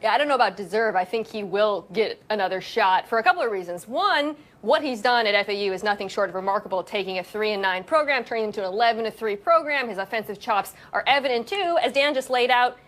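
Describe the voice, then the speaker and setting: A woman's voice: mid-range voice, fast talker, few pauses, a bit bright. A woman co-hosting a sports talk show, making wry, dry jokes. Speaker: co-host.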